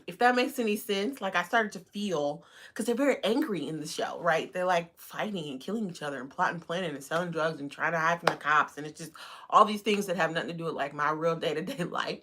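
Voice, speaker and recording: A woman hosting a live stream, chatting casually and rambling with lots of fillers. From United States. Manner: greets viewers in a bright high voice. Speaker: livestream host.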